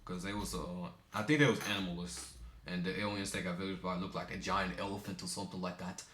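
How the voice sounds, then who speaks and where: A young man from the US who makes videos talks fast in a low, flat, fairly bright voice. His casual, rambling commentary is full of stumbles and mid-sentence corrections, captured in an echoey room.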